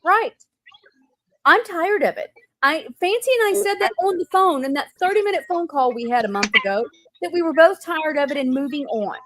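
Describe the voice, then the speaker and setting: A woman's voice: high voice, expressive, normal speed, fairly bright tone, slight background noise. A woman hosting a casual gossip chat, blunt and fed up, swearing freely. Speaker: host.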